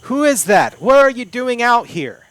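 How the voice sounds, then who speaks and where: A man voicing an armed male jungle guard, shouting suspicious challenges. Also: extremely high pitch, big pitch swings, unhurried, slight background noise, voice pushed up, exaggerated voice. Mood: alarmed.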